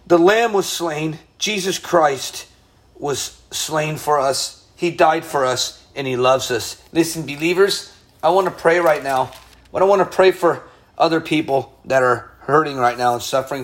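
A man preaching and praying with excitable fervor, often tagging his sentences with "man". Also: fairly high pitch, unhurried. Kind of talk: online Bible teaching and prayer. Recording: loud guitar music behind.

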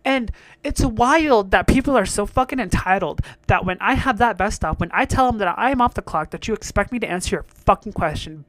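A man's voice: high voice, lively intonation, brisk, fairly bright tone, no echo. A young man hosting his own show, talking in a blunt, profane, exasperated rant. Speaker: solo podcast host. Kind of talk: casual rant monologue.

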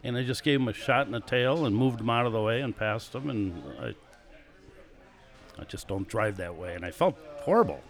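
An older man in his sixties, a guest on a live show, relaxed and chatty as he tells his stories. His voice sits in an ordinary middle pitch and breaks into small chuckles between stories. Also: moderate pace. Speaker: guest, former stock car racer. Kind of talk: casual storytelling interview.

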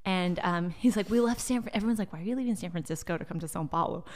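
A woman, a podcast guest, talking casually, animated, and slipping into other people's ways of speaking. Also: on the low side, very fast. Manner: animated storyteller, mimics voices she hears. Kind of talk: casual conversation.

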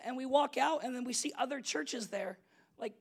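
A young adult man preaching a casual, story-driven sermon as pastor, animated and conversational, laughing often and checking in with the congregation. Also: very high voice, normal speed, creaky. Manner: animated, conversational, laughs often, asks "you know what I'm saying?".

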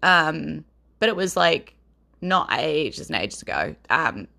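Woman, New Zealand accent, podcast host; low, gravelly, chatty and rambling. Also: sing-song, sharp tone. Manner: chatty and rambling, quick to laugh. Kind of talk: casual chat.

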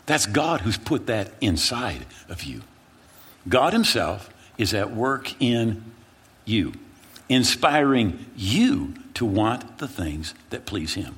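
Lively, husky-voiced male pastor preaching. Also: on the low side, slow pace. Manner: animated, dramatic retelling with repeated phrases. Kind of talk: storytelling sermon.

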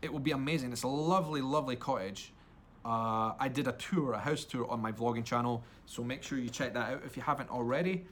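A man's voice: mid-range voice, fairly quick, fairly bright tone, a little hiss or hum. A man with a Scottish accent hosting a solo podcast, chatting eagerly and straight to his listeners in a casual way. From Scotland. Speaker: podcast host.

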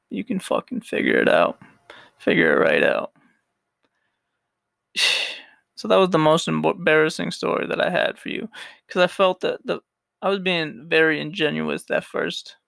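A man's voice: on the high side, vocal fry, a bit bright, dry recording, studio quality. A young man hosting a solo podcast who tells a story in a rambling, profane way and laughs often. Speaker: podcast host.

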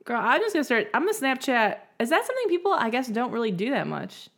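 A woman's voice: sits high, sing-song, fast, fairly bright tone. A woman co-hosting a podcast in casual chat, sassy and profane, laughing often. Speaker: podcast co-host.

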